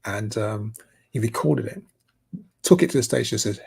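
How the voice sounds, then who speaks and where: Gravelly, husky-voiced male news host. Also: on the low side, normal speed, long pauses, darkish tone. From United Kingdom. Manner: rambling, many fillers and restarts. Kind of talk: casual spoken news commentary.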